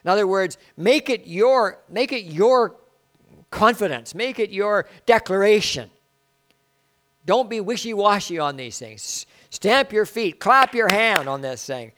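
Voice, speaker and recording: A middle-aged man preaching a sermon, swinging from loud declarations to hushed asides. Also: high voice, lively intonation, a little slow. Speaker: pastor.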